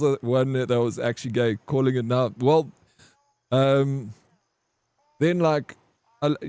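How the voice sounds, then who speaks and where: A man's voice: medium pitch, darkish tone, dry recording. A man streaming a game, rambling and crude as he tells a long army story to his chat. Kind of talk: casual gaming stream storytelling.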